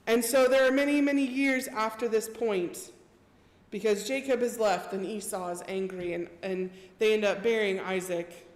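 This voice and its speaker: A woman's voice: medium pitch, fairly even intonation, moderate pace. A woman preacher giving a casual sermon, retelling scripture in a chatty storytelling way. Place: church. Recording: echoey church hall reverb.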